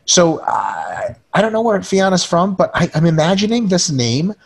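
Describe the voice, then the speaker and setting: A man's voice: high voice, big pitch swings, moderate pace, creaky, husky. A man co-hosting a webinar, chatting casually and profanely, joking around and reading viewer questions aloud. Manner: swears freely, jokey, reads questions aloud. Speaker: podcast co-host.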